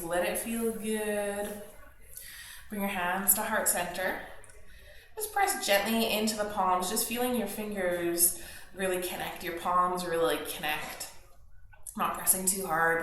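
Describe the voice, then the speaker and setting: A woman guiding a gentle yoga class from her home studio, calm and soothing, with chatty asides. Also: on the low side. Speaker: yoga teacher. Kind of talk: guided yoga class instruction. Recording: very echoey home room with faint household noise. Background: household noise, TV news and dishwasher.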